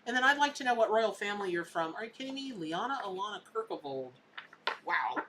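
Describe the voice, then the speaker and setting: A woman with a medium-pitched voice, wide pitch swings and a slightly fast pace hosts a casual live tarot reading over background noise. She is chatty and emphatic, repeating words for effect as she gives a psychic reading.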